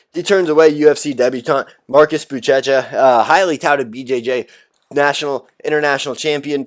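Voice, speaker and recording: A man hosting a solo recap show, talking through fight results in a casual, blunt, chatty way with loose fillers. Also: medium pitch. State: out of breath. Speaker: podcast host recapping fights.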